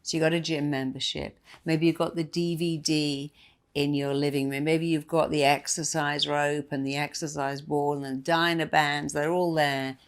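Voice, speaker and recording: A woman's voice: low voice, level tone, moderate pace. A woman giving a motivational talk, emphatic and repeating key phrases for effect. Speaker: motivational speaker.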